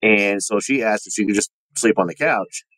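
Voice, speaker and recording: Male guest, low-pitched, rambling and animated, voices the people in his stories, dry recording. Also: moderate pace, no room sound, poor audio. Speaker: podcast guest, former Army Ranger. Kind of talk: casual storytelling of personal ghost stories.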